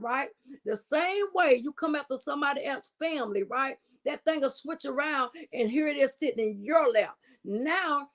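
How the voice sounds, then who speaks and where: A woman hosting commentary on a livestream, emphatic and preachy, often asking "right?". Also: high voice. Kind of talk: casual commentary.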